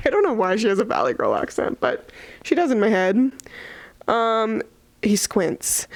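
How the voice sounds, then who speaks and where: A woman's voice: fairly high pitch, sing-song, unhurried, gravelly, no room sound. A young woman giving casual, sarcastic book commentary, chatty and full of fillers. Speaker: book reviewer.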